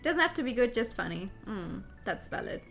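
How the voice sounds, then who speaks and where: A woman's voice: mid-range voice, big pitch swings, normal speed, creaky, a bit bright, faint music behind. A woman streamer chatting casually and bubbly as she plays a game and jokes with chat. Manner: bubbly, reacting and joking to chat.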